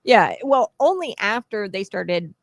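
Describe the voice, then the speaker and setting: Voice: mid-range voice, very animated, unhurried, creaky, no room sound. A podcast host chiming in with brief interjections and agreeing asides during casual chat.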